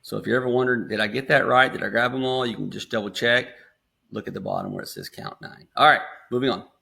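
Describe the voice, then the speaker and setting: A man with an American accent casually talking students through a screen-recorded software tutorial step by step. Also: mid-range voice, expressive, fast, creaky. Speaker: instructor.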